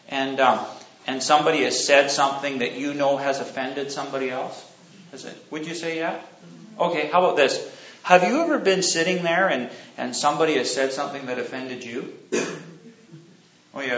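A man preaches in a rambling, self-correcting way, asking his listeners questions between stories. His voice sits a little high for a man. The recording is roomy and dull, as if made in a meeting hall. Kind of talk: sermon with anecdotes.

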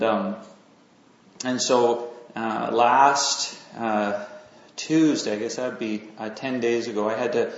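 A man preaching an informal Bible sermon in a conversational, halting way, with many fillers and restarts. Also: medium pitch. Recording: echoey room, dull lo-fi sound.

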